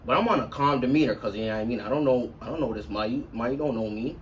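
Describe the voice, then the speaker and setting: A man casually telling a long personal story on a podcast, acting out everyone in it with sudden loud, high-pitched bursts. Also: racing, recorded from a distance, slight background noise. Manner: animated, swings into loud high-pitched quotes of others.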